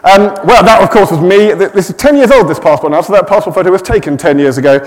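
A middle-aged man giving a sermon, with gentle self-deprecating humour. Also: high voice, fast, in a large hall. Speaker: preacher. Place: church.

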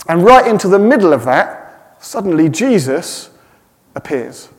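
A man's voice: sits high, sing-song, a little slow. A middle-aged man preaching a sermon in a slightly raised voice. His talk is easygoing and dotted with self-deprecating jokes. The sound carries the long echo of a church hall. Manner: warm, self-deprecating humour.

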